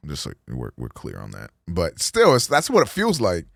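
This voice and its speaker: A man reacts to a video on a livestream, talking loosely and swearing freely. His pitch leaps up and drops down as he rambles. His voice is dry and close to the mic. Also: normal speed, vocal fry, no echo. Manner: profane, animated, rambling. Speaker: streamer host. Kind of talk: casual reaction commentary.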